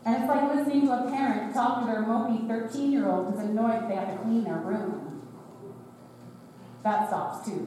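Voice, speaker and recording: A woman's voice: a little high, moderate pace, noisy background. A woman preaching a sermon in a wry, conversational way, slipping into sarcastic voices for quoted lines. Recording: echoey sanctuary, voice from far off.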